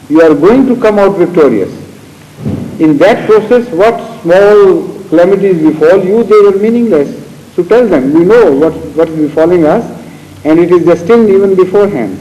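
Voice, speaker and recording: A man, a religious scholar, answers questions and explains scripture in a measured way with pauses and fillers, in an archival recording. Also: high voice, mellow, lo-fi sound. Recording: archival 1986 hall recording with long reverb and faint noise.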